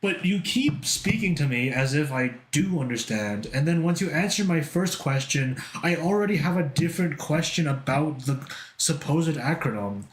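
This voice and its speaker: A male streamer chatting with his viewers, rambling and excitable, tripping over filler words and swearing a lot. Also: on the high side, moderate pace. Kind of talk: casual chat with stream viewers. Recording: echoey room.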